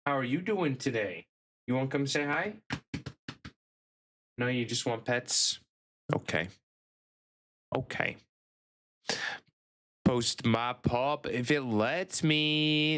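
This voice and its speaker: Male streamer, casual live chat, very unhurried delivery, playful and cooing. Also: mid-range voice, fairly bright tone. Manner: playful, coos over pets in baby talk.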